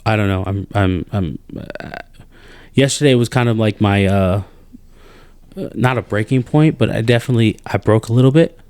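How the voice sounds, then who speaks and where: A man in a casual podcast chat, venting with exasperation and rising to high incredulous outbursts. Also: normal speed, clean tone, dry recording. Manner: animated and exasperated, voice jumps up when incredulous. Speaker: podcast co-host.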